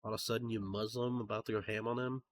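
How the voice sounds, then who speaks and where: A man's voice: on the low side, fast talker. A man hosting a music reaction video, talking casually with fillers and restarts. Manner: relaxed, rambling with fillers and restarts. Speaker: music reaction channel host.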